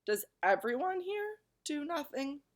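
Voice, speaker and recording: A woman's voice: high voice, sing-song, measured pace, slight background noise, pitched above the performer's own voice. A woman voicing a polite, puzzled young boy in a storybook reading, close to her own voice.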